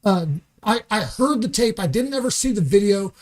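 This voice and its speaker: In a studio, a podcast guest vents in a furious, profane rant during a casual chat, frequently restarting sentences and repeating words. He speaks at a moderate pace in an expressive, high-pitched voice.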